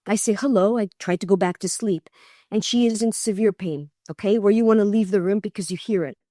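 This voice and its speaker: A woman's voice: mid-range voice, brisk, no echo. Earnest woman telling her story. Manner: earnest and animated, acting out other people's voices in her stories. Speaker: guest, cancer survivor. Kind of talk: emotional storytelling in an interview.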